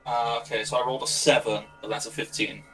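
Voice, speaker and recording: A man's voice: medium pitch, steady tone, fast, pushed and bright, faint music behind, poor audio. A British man playing a tabletop game, hesitant and thinking aloud, humming while he checks rules. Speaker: player.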